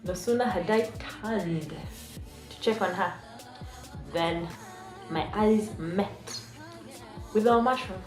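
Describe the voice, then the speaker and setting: A young woman with a Kenyan accent telling a high school story in a playful, animated way. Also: slow pace, long pauses. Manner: animated, playful, switches into Swahili. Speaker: vlogger. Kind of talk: story time. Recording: echoey room with music behind.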